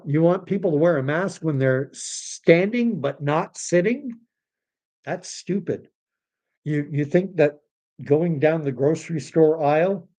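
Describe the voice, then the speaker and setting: A middle-aged man from Canada talks through his livestream in a loose, rambling way. His voice sits in a middle pitch, and he sounds contrarian and scornful when he pushes back on ideas. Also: darkish tone. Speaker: livestream host. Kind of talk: casual livestream commentary.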